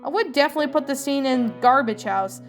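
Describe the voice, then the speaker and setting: An earnest eleven-year-old cartoon boy from a storybook, voiced by a woman with a fairly high voice. he sounds plain and sincere. soft music plays faintly behind. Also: fast. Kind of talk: storybook reading.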